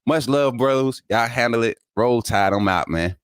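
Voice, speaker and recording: A man in his thirties joking around with folksy slang, his voice pitched mid-range. He sounds close and dry, with no room behind him. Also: unhurried, clean tone, dry recording. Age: 30s. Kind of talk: casual chat.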